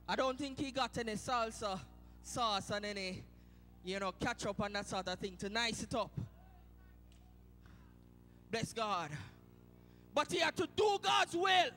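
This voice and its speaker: High-voiced Jamaican preacher shouting. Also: male voice, expressive, unhurried, long pauses, in a large hall, faint music behind. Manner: swings from low, hushed storytelling to loud shouted preaching. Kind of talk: sermon. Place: church sanctuary.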